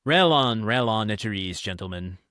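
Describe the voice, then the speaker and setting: A man's voice: medium pitch, lively intonation, normal speed, fairly bright tone, dry recording, clean studio sound, lightly acted. A man voicing an eager young French nobleman who insists earnestly and defends himself when teased. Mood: piqued.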